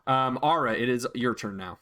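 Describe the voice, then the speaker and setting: A man's voice: mid-range voice, normal speed, sharp tone. A man acting as dungeon master, patiently explaining rules and counting out moves in casual chat. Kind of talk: narrating a tabletop game.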